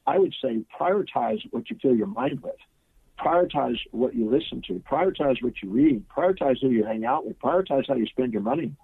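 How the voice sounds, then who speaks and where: A middle-aged man answers in an interview with a confident, emphatic, instructive manner. His voice is husky and gravelly. It comes through a dry, tinny phone line. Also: medium pitch, expressive, brisk, dry recording. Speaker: guest, seminar teacher.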